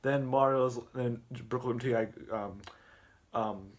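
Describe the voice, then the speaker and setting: A man's voice: mid-range voice, fairly even intonation, slow pace. A man recapping a video in a casual, rambling rant, with stammering restarts and filler words. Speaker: video host.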